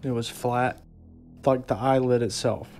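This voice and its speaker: A man giving documentary interview testimony about an encounter, speaking haltingly with frequent restarts. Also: medium pitch, fairly even intonation, darkish tone, faint music behind.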